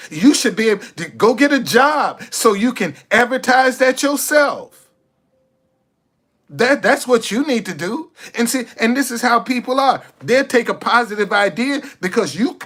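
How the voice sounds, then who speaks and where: A street activist vlogger with a very high-pitched, animated, slightly bright voice delivers an impassioned monologue, speaking a little slowly. He's sarcastic and preachy, stumbling over repeated words in stammering restarts, with faint music behind him.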